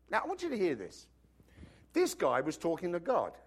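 A man preaching in a lively, bouncy way, his voice rising and falling a lot. He sits a bit high for a man and talks to the congregation casually, mixing teaching with jokes and acted-out bits. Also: moderate pace, breathy edge. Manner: animated, conversational preaching with joking asides. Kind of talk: sermon.

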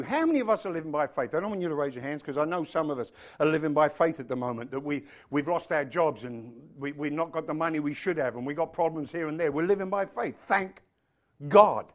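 A man preaching a sermon, animated, acting out voices and swinging from loud exclamations to hushed asides. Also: fairly high pitch, a little fast.

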